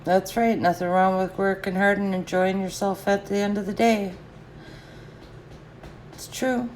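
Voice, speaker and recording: A woman's voice: mid-range voice, steady tone, unhurried, darkish tone, slight background noise. A middle-aged woman chatting casually and answering live comments, laughing often.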